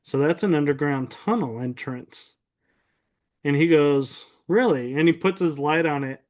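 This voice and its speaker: A man's voice: a little high, measured pace. A man earnestly recounting a strange night walk in a forest, acting out what he and his friend said to each other. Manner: earnest, animated retelling with quoted dialogue. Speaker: guest recounting a paranormal experience. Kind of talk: casual storytelling.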